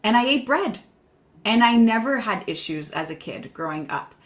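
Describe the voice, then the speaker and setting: A woman's voice: on the high side, expressive, normal speed. A woman hosting a casual podcast interview, reflective and enthusiastic as she asks questions. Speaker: podcast host.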